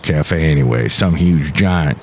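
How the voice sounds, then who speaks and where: A man puts on a disgruntled old fiddle player with a voice pushed down to an extreme low. The fiddler grumbles in a slow, gravelly drawl, sour and put upon. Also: a little hiss or hum. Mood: grumbling. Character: grumpy old male fiddle player, gruff.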